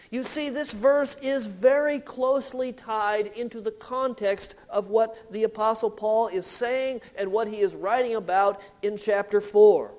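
A male pastor delivers a sermon in an unhurried, measured way. His voice sits fairly high, and he leans on important words before letting each phrase sink to a quieter close. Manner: slow, deliberate, emphatic preaching with drops in volume at phrase ends.

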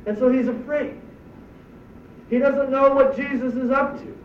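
An emphatic male pastor delivering a sermon, full of rhetorical questions, in a notably high voice. He sounds distant and a little muffled, with a roomy echo and faint background noise. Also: steady tone, a little slow. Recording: echoey distant dull church recording.

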